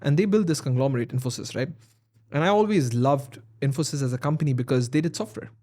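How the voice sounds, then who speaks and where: A man with an Indian English accent, in his thirties, speaks at a brisk clip and keeps his pitch in the middle range. He tells a personal story as a podcast guest and acts out the voices in it. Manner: animated storyteller acting out dialogue. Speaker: guest, founder.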